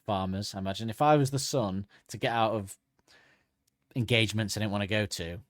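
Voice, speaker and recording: A man's voice: on the low side, brisk, no echo, clean studio sound. A man, co-hosting a comedy podcast in casual chat and slipping into silly voices. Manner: joking, slips into silly put-on voices. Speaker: podcast co-host.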